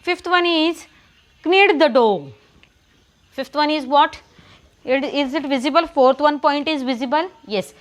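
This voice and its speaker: A teacher with a Marathi accent runs a classroom lesson, asking the same questions again and again and spelling words out letter by letter. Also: female voice, high voice, a little slow, long pauses.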